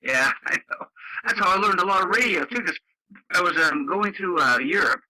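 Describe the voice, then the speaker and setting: A man's voice: sits high, expressive, moderate pace, bright, forceful tone, dry recording, poor audio. An older man from Canada chatting bluntly on a radio net, laughing often and using lots of fillers. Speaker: radio club member. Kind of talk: casual radio chat. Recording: dry radio audio.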